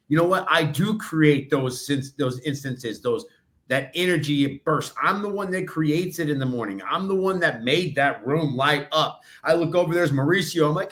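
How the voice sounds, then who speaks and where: A male podcast co-host telling an animated motivational story and acting out the voices of people in it. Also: fairly high pitch, fairly quick. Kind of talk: casual chat.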